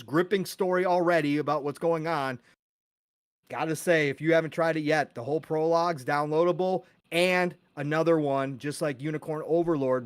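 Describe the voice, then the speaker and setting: A man hosting a casual gaming podcast live stream, talking excitedly and reading out chat names with quick greetings and casual swearing. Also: fairly high pitch, dry recording. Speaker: podcast host.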